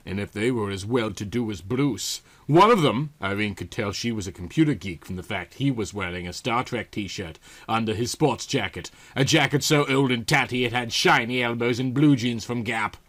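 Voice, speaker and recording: A man's voice: mid-range voice, a bit bright. A man giving a comedic reading of a novel, with a dry, mock-serious delivery. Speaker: reader.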